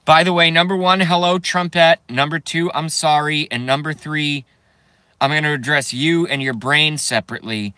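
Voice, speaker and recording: A man's voice: a little high, fairly even intonation, moderate pace, sharp tone, clear, resonant tone, dry recording. A man ranting on a live stream to his chat, profane and rambling, breaking into nervous giggles. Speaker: YouTube streamer.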